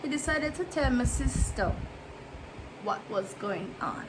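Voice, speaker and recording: A woman's voice: on the high side, lively intonation, unhurried, background noise. A woman vlogger in casual storytime mode, chatty and emphatic, repeating herself and making asides to her viewers.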